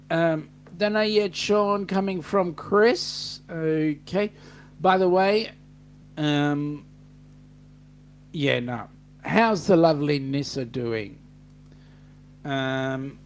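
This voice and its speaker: Man, Australian accent, live chat host, rambling, reads comments aloud, slow, fairly high voice. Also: slight background noise.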